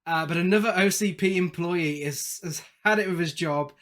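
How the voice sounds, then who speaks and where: A man with a slightly raised pitch co-hosts a podcast. He chimes in with short, wry comments on a film and chuckles often between lines. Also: moderate pace, fairly bright tone. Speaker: podcast co-host. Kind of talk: casual film review chat.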